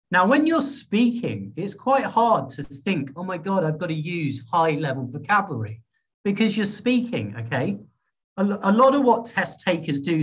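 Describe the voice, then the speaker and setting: Encouraging British man teaching a lesson. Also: on the high side. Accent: British English. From Britain. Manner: lively, encouraging, checks in with "okay?" and "all right?". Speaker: IELTS speaking teacher. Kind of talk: online workshop lecture.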